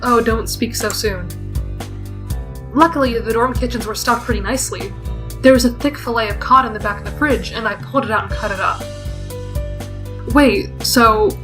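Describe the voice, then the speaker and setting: A woman with a somewhat high voice reads a visual novel's narration aloud, then slips into wry, self-conscious asides. Soft game music plays faintly behind her. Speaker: let's player.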